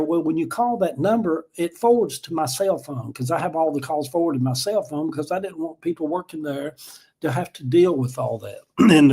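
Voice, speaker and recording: An older man hosts a casual livestream chat, spinning folksy, emotional stories and calling his viewers "y'all." His voice sits on the high side, a little mellow, with a breathy edge.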